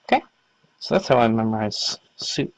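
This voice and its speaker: A man's voice: fairly low pitch, expressive, normal speed, dry recording, low-quality recording. A man casually explaining writing lessons, rambling with many fillers. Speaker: language teacher. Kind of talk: casual instructional talk.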